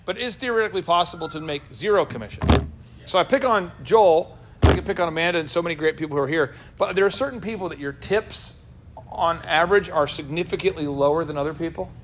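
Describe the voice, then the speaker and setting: A man with a high, lively voice hosts a business talk, tossing jokes and questions at the people around him. His delivery is animated, full of quick asides. A faint hiss sits under the recording. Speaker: business coach and show host. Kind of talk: lively talk to a live room.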